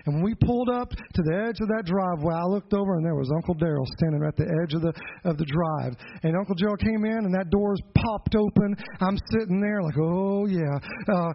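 Middle aged guy preaching on sunday, folksy storyteller, bit high voice, dull muffled recording. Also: fast talker, hardly any pauses. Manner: folksy, earnest storytelling with asides and self-deprecating jokes. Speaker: pastor. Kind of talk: sermon with personal story. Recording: dull lo-fi sound.

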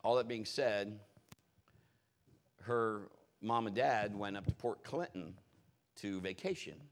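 A man's voice: lowish voice, takes it slowly. A male pastor preaching a conversational storytelling sermon in a folksy, personal way with rambling asides.

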